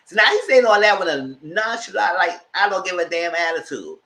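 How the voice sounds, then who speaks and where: Animated man recapping a reality show. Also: brisk, few pauses, poor audio. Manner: animated, jumps to high-pitched exclamations when acting out reactions. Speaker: YouTube reviewer. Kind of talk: casual recap commentary.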